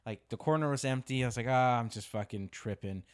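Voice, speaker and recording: A man's voice: mid-range voice, fairly quick, smooth. A man co-hosting a podcast, telling a story in casual chat, swearing often and repeating himself for emphasis. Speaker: podcast co-host.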